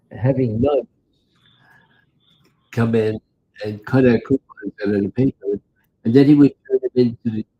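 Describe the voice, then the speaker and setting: Gravelly 91-year-old New York man. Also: mid-range voice. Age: 90s. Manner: rambling, halting, many filler sounds. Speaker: interview guest, grandfather. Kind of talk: casual storytelling chat. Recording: tinny phone-like sound.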